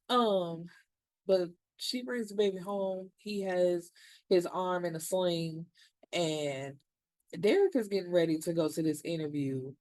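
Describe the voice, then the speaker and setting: A woman's voice: fairly low pitch, darkish tone, dry recording. A woman casually recapping a TV episode, retelling scenes in quotes with blunt, cursing asides. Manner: chatty, retells scenes in quotes, curses freely. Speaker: TV show reviewer.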